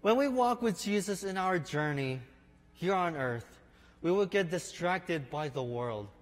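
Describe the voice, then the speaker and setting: A man preaching a sermon in an unhurried storytelling way, speaking to listeners as his friends. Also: high-pitched, lively intonation. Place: church sanctuary. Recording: long reverb of a large hall.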